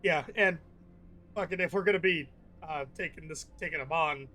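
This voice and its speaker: High-voiced swearing man at the game table. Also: moderate pace, pushed and bright. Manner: swears a lot, stammers, laughs. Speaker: player. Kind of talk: casual tabletop game chat.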